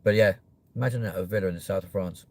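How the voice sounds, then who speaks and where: A man's voice: deep voice, quick pace. A young man hosting a live stream, chatting casually and joking with viewers, with plenty of swearing. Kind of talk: rambling live-stream chat.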